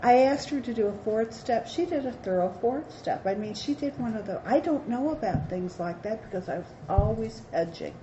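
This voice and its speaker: A woman's voice: on the high side, lively intonation, normal speed, hardly any pauses. A middle-aged woman giving a candid, self-deprecating recovery talk to a meeting. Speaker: AA speaker. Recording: roomy, dull hall recording with faint hiss.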